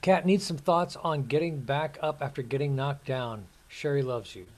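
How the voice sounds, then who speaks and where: A man's voice: mid-range voice, normal speed. A man hosting a casual live-stream interview, upbeat as he reads out viewer comments. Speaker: interview host reading viewer chat.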